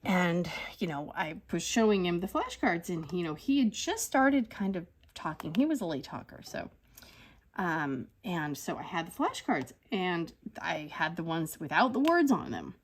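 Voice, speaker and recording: A woman in her thirties chatting casually in a rambling, animated way while she crafts, with lots of fillers. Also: lowish voice, normal speed, slight background noise. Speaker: crafting channel host.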